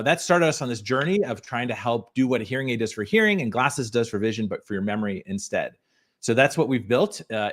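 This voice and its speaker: Fast-talking man telling a founder's story. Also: medium pitch. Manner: fluent, explanatory, fast storytelling. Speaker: guest, company founder. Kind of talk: interview.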